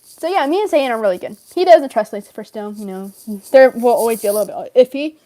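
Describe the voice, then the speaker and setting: Woman rambling in character, bright high voice. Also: expressive, fast talker. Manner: rambling, fills talk with "like", laughs often. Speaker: fan role-player in character. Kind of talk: rambling in-character story chat.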